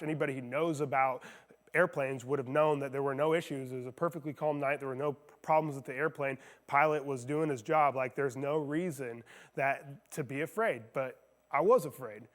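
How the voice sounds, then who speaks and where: A man giving a casual youth talk, telling stories with frequent fillers and restarts. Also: a little high. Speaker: youth speaker. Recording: long reverb of a hall.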